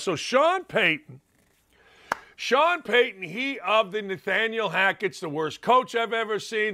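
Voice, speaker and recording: Sports host man, ranting, high pitched, bright edgy tone, combative. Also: expressive. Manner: emphatic, combative, quick asides. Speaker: sports talk show host. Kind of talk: opinionated sports radio rant.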